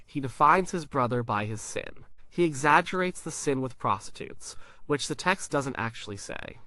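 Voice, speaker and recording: Calm, measured male Bible narrator. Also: mid-range voice, no echo. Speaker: Bible teacher. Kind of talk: scripted narration.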